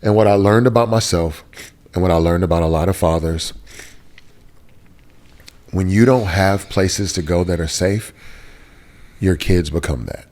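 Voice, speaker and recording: A man's voice: low voice, measured pace, long pauses, darkish tone. A man from Texas, an interview guest giving a candid, emotional personal testimony with casual slang. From Texas, USA.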